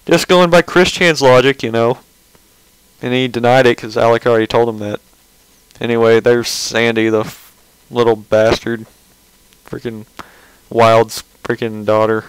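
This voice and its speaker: A man's voice: medium pitch, fairly even intonation, measured pace, long pauses, clean tone, dry recording, low-quality recording. A man giving casual, rambling commentary on a webcomic page, mocking and sarcastic, often restarting his sentences.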